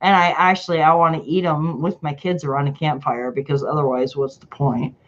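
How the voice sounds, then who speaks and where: A woman's voice: low voice, fairly even intonation, a little fast, dull audio, slight background noise. A woman hosting a casual chat over a video call, talking bluntly and swearing freely, laughing often. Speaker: host.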